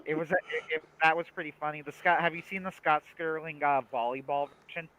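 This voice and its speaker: A man's voice: on the high side, fairly even intonation, a little fast, sharp tone, no echo, rough recording. A man in casual podcast chat, animatedly retelling comedy sketches and doing their voices.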